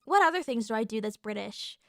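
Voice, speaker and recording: Woman streamer, high and bright, rambling casual chat, dry close mic. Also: brisk, gravelly, no echo. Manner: rambling and animated, with restarts and casual swearing.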